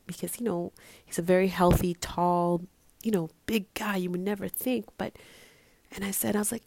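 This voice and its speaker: A woman casually telling a friend's story, chatty and animated, acting out the quoted lines. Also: lowish voice, moderate pace, vocal fry, dry recording.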